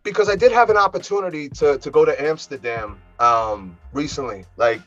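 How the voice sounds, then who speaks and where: A man from New York with a New York accent, a rapper chatting casually as an interview guest, animated and full of fillers. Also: fairly high pitch, fairly quick, dull audio, faint music behind. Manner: animated, laughs easily, many fillers.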